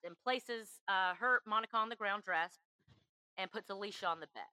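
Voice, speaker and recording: A woman's voice: normal speed, pushed and bright, no echo, rough recording. A woman hosting a podcast, earnestly telling a true crime story and acting out the quotes. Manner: earnest, acts out quotes with shifts in pitch. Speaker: podcast host.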